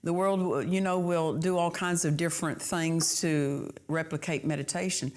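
A woman delivers a sermon in a fairly low voice. She is earnest and emphatic, driving points home by repeating phrases. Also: fairly even intonation, normal speed, a little mellow. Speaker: preacher.

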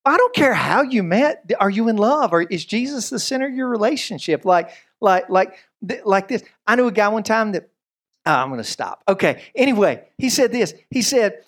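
A man giving a sermon as a pastor. He tells stories with lively humor and often drifts into asides. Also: high-pitched, normal speed. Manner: lively, joking storyteller with frequent asides.

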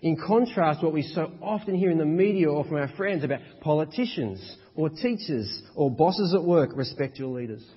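A man's voice: fairly high pitch, expressive, normal speed, few pauses, slightly rough. A man preaching a sermon as a pastor, with emphatic, rhythmic repetition. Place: church hall. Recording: dull echoey church hall.

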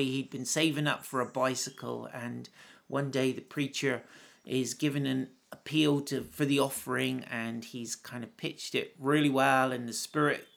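A man gives a relaxed Bible talk, telling stories in a chatty way and laughing now and then. His voice has a gravelly, creaky edge, and it sits at an ordinary middle pitch for a man. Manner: conversational storyteller, laughs often. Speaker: Bible teacher. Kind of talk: informal Bible teaching.

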